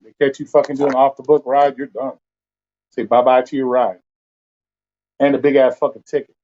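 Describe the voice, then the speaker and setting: A man's voice: medium pitch, flat delivery, normal speed, mellow, dull audio. A man hosting a casual livestream, ranting bluntly with heavy profanity and exasperation. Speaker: livestream host.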